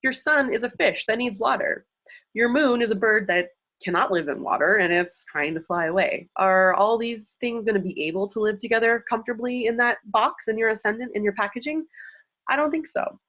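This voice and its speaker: A woman teaching from slides in a chatty, casual way, laughing often and jumping up in pitch for emphasis. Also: fairly quick, a bit bright. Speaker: astrology teacher. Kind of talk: casual slide-based lesson.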